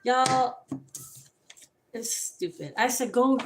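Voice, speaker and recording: A woman ranting casually to the camera, profane and rambling, telling animated stories. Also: fairly high pitch, slow pace, background noise.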